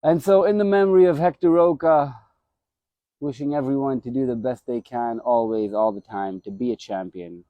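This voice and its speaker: A man's voice: medium pitch, normal speed, dry recording, lo-fi sound. A former boxer talking casually on a live stream, rambling and repeating his phrases as he reminisces.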